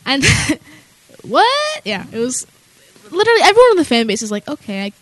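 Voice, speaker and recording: A woman's voice: sits high, sing-song, a little fast, fairly bright tone, no echo, poor audio. A young woman hosting a casual chat, giggly and rambling, with lots of "like". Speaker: host.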